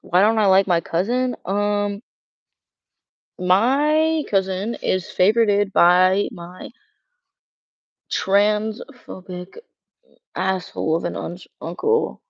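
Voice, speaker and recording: A streamer with a feminine-sounding voice, casually ranting and rambling, cursing freely and reading chat questions aloud. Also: female voice, medium pitch, slow pace, pauses often, no room sound. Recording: dull lo-fi dry mic sound.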